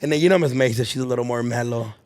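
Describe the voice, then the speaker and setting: A man's voice: medium pitch, very fast. A young man hosting a podcast, telling school stories in casual slang, acting out the people he quotes. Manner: animated storyteller acting out quotes, heavy slang and swearing. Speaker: podcast host. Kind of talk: casual storytelling chat.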